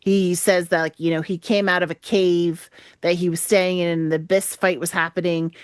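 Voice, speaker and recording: A woman's voice: on the low side, flat delivery, moderate pace, clear, resonant tone, dry recording, studio quality. A woman co-hosting a podcast in a casual chat, recapping a story and laughing often as she acts out quoted lines. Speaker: podcast co-host.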